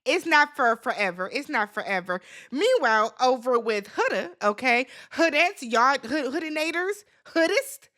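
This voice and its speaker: A woman hosting a casual reality-TV recap vlog, sassy and blunt, talking straight to her viewers. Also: high voice. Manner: sassy, animated, talks straight to viewers as "y'all"; blunt and opinionated, quick swings in loudness. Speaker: recap vlogger, show host.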